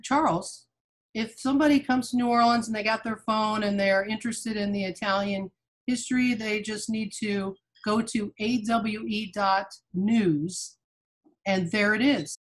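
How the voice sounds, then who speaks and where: A woman with a mid-range voice chats brightly with her co-host. She is playful and laughs easily. The talk is relaxed and friendly. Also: medium pitch, measured pace. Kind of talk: casual talk-show chat.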